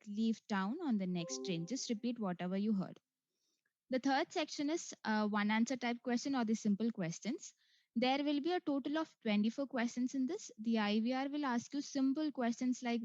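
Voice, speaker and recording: A woman's voice: a little high, a little mellow, no echo, highs cut off. A woman explaining an online test step by step, with frequent "uh" and "so" as she goes. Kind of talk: screen walkthrough tutorial.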